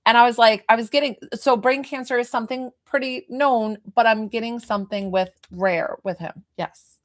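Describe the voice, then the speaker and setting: A woman's voice: on the high side, fairly even intonation, moderate pace. Rambling woman giving a psychic reading. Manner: rambling, hesitant, full of fillers and restarts. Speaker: psychic medium. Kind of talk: live spirit reading to a viewer.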